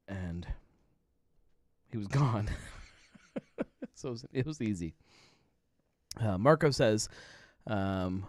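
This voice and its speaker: A laid-back man in his thirties chats casually from home as host of a live happy-hour show. His voice sits fairly low, and the sound is close and dry with no room echo. He rambles easily and chuckles often. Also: lively intonation, slow, pauses often. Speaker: podcast host. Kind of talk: casual live-stream chat.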